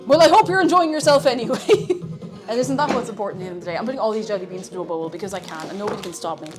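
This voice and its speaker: Over music, a woman streams herself baking in her home kitchen and teases herself while chatting with viewers. She speaks rapid-fire in a medium pitch with lively intonation.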